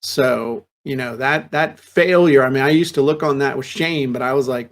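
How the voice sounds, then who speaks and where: A man hosting a casual business podcast, telling a personal story with lively restarts and repeated words. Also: medium pitch, moderate pace, few pauses. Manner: laughs easily and jokes. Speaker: podcast host. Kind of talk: casual chat.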